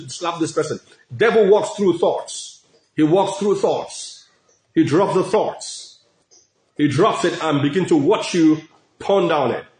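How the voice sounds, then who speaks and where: A middle-aged man preaching a sermon as a pastor, speaking emphatically and repeating phrases, with frequent cries of praise. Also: high voice. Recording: echoey room.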